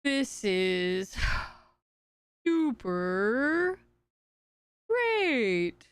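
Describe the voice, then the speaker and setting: A woman's voice: a little high, very animated, very slow, clean tone. A woman streamer chatting casually to her viewers while fumbling through her stream settings. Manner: scattered, talking to herself and chat while searching settings. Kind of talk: casual live-stream chat.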